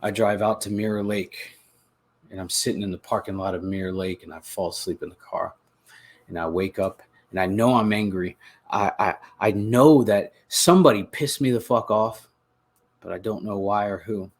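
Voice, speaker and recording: A man hosting a podcast, telling his own story in an earnest, halting way, with repeated words and restarts. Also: fairly low pitch. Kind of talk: confessional personal narration.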